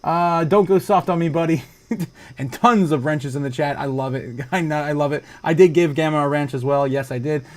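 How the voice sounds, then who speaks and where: A man hosting a casual livestream, reading viewer comments aloud, excitable and laughing often. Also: fairly high pitch, normal speed. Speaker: livestream host.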